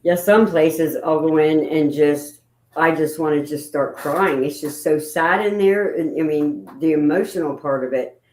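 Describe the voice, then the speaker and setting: A woman's voice: sits low, a little slow, darkish tone, echoey room, poor audio. A woman, a paranormal investigator telling emotional, rambling stories in casual chat.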